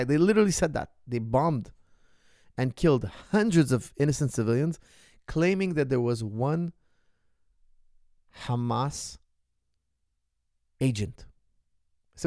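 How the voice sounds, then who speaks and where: A man who coaches martial arts hosts a question session, talking emphatically and repeating his points as he builds to forceful outbursts. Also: medium pitch, measured pace, long pauses, no echo, clean studio sound. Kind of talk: impassioned monologue commentary.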